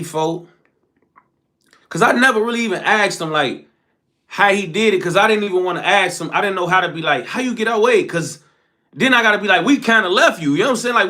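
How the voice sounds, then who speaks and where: A young man telling a story in casual street slang, animated and quick to laugh, tagging his sentences with "folks" and "bro.". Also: high-pitched. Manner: animated slang-heavy recounting, frequent "folks" tags. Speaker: storyteller host.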